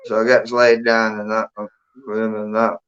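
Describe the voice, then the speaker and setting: A man's voice: on the low side, monotone, normal speed, fairly bright tone, clean tone. An English man telling stories in rambling casual chat, swearing a lot and tacking "and that" onto his sentences. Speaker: livestream guest. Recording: dull lo-fi stream audio.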